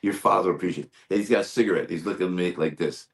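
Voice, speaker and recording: An older man who is a guest comedian, telling show-business anecdotes in an animated way, acting out quoted voices and repeating words for effect. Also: low voice, quick pace.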